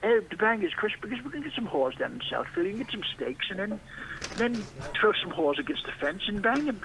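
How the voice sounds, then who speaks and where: A man's voice: sits high, sing-song, fast, noisy background. A man putting on a clumsy, goofy English accent as a joke.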